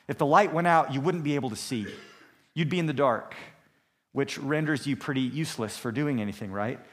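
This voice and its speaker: A man delivers a sermon from the pulpit, his voice sitting a little higher than most men's. He preaches in a steady, measured expository way, sometimes restarting a phrase before carrying on. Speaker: pastor.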